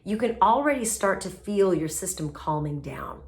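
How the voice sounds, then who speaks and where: A woman speaking coach giving lively, emphatic advice straight to camera, with playful asides. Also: mid-range voice, normal speed. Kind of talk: casual advice video to camera.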